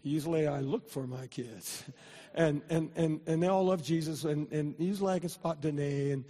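An older man, a pastor, telling a personal story in a sermon, with many restarts, building to loud, fervent preaching. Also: on the high side, normal speed. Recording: long hall reverb.

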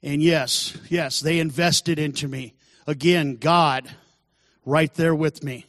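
A man gives his recovery testimony in sermon style, telling it earnestly and acting out quoted voices. His fairly high voice stays steady and slow with a bit of brightness, and the studio-quality recording has no echo but a long reverb tail.

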